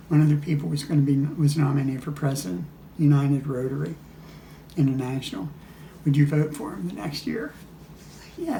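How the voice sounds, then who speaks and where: A man's voice: on the high side, creaky, dark tone, slight background noise. An older man casually recounting travel memories, rambling with frequent restarts and chuckles. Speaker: storyteller. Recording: echoey room.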